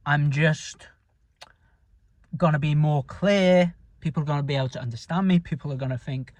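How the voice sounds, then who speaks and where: Mumbly northern english bloke vlogging, swears a lot, slightly high voice, dead dry sound. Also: male voice, steady tone, moderate pace, darkish tone, no echo. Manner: blunt, sweary, mumbly, rambling. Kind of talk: casual self-talk vlog.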